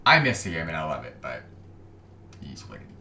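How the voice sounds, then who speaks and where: A man's voice: rumbling low, huge pitch swings, quick pace, gravelly, reverberant, heavy background noise. A man streaming casual reaction commentary, sarcastic and often trailing off mid-sentence. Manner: sarcastic, trailing off, self-interrupting. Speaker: gaming streamer reacting to videos.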